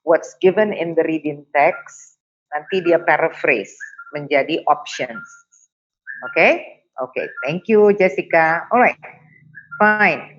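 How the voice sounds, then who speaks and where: An Indonesian-accented woman teaches over a video call, speaking slowly and deliberately. She keeps checking in with her students, asking "okay?". The webinar audio is dull and lo-fi. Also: deep voice. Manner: code-switching, checks in often with "okay?". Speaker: TOEFL prep teacher. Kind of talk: online webinar lesson. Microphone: computer mic on a video call.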